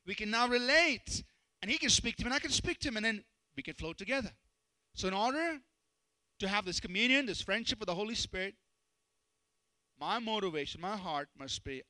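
Male pastor, high bright voice, dry close sound, lively storytelling sermon. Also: moderate pace, dry recording, low-quality recording. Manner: animated, storytelling with self-deprecating humor.

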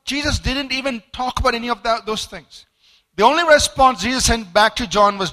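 A male preacher teaches a sermon from a study book, his voice high and ringing bright. He grows animated as he acts out quoted speakers, and he stumbles through repeated words and fillers along the way. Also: a little fast.

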